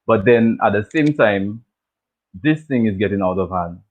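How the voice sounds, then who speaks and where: Man, casual recap host, chatty, repeats himself, laughs a lot, lowish voice, phone-quality sound. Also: animated, moderate pace. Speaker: show host. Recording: tinny phone-like audio.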